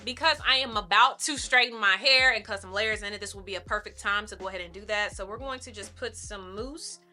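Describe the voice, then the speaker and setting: Styling a wig for a casual get-ready-with-me video, this young adult beauty vlogger keeps things upbeat and addresses her audience as y'all. Her mid-range voice is bright and forceful and fairly quick, with soft music in the background.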